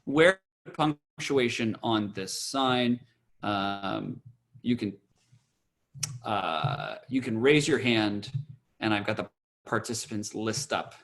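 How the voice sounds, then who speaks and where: A man's voice: on the low side, expressive, fairly bright tone. A man teaching an online class as cantor, calling on students in an encouraging way over a video call. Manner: slow, encouraging, calls on students.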